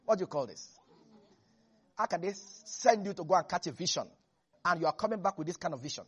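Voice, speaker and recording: A preacher delivering an animated, humorous sermon to a congregation. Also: mid-range voice, a little fast, slightly rough, muffled recording. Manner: animated, jokes and laughs with the congregation.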